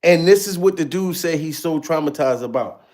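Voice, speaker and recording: A man's voice: on the high side, normal speed, a little mellow. A man hosting a casual livestream, chatting with viewers in slangy talk and laughing often. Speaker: livestream host reading chat.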